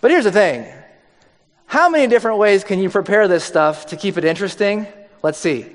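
A man's voice: sits high, expressive, fairly quick, long reverb tail. A male pastor giving a conversational, joking sermon.

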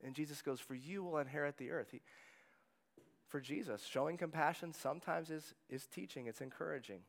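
A man preaching a sermon as pastor, in a conversational way, letting his phrases trail off softly. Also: a little high, fairly quick, vocal fry.

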